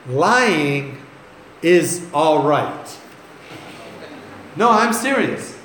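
Slow-talking man preaching in an echoey hall. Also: a little high, sing-song, fairly bright tone, a little hiss or hum. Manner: folksy, joking, laughs at own stories. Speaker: pastor. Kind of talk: sermon storytelling. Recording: echoey room, faint ambience.

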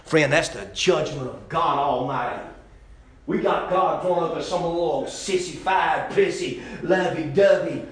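A man preaching a folksy, impassioned sermon, swinging from loud exhortation to hushed intensity. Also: on the high side, measured pace. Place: church sanctuary. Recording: very echoey church hall.

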